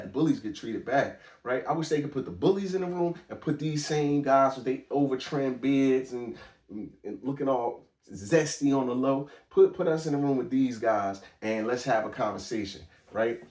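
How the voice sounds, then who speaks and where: Recorded at a distance in a room with echo, this podcast host has a mid-range, somewhat mellow voice and a moderate pace. His casual monologue of commentary is blunt, emphatic street talk that keeps restarting.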